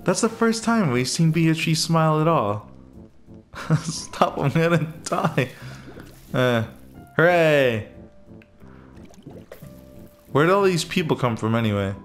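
A man gives casual, playful commentary while he plays a video game, exclaiming and giggling at what happens. His voice is lively and animated, his pace unhurried. Soft game music sits underneath. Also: a little high. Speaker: let's play host.

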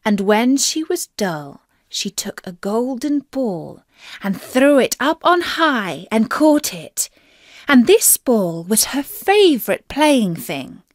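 A woman narrating a fairy tale as a slow, clear reading for English learners. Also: fairly high pitch, very animated, no echo, studio quality.

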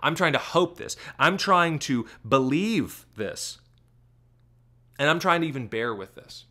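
A man giving commentary on a clip, asking sarcastic rapid-fire questions. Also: a little high, lively intonation, bright, forceful tone.

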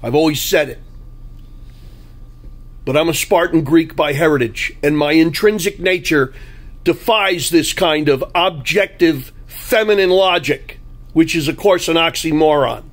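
A man's voice: a little high, unhurried. A man delivering a blunt, combative political monologue, full of anecdotes. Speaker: political commentary host.

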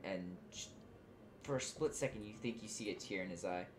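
A man's voice: deep voice, fairly quick, background noise. A man narrating a tabletop game as game master in a loose, casual way.

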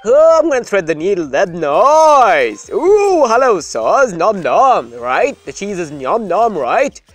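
A gaming host giving playful, rambling let's-play commentary that breaks into sudden excited shouts. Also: mid-range voice, slow, soft background music.

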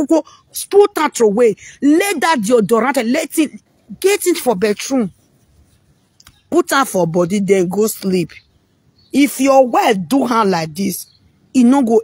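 A woman's voice: high voice, a little mellow, breathy edge, no echo. A woman with a Nigerian accent talking frankly in a casual monologue, rambling and repeating words mid-sentence.

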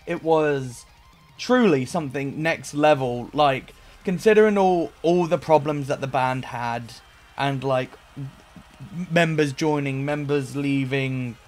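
A man giving an excitable, sweary, rambling casual reaction to music as host. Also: medium pitch.

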